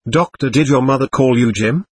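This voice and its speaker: A man's voice: medium pitch, fairly quick, slightly rough, no echo, studio quality, close to an everyday voice. A man reading the part of a doctor who questions spirits in a firm, patient manner, in an audiobook. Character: calm, firm male doctor guiding spirits.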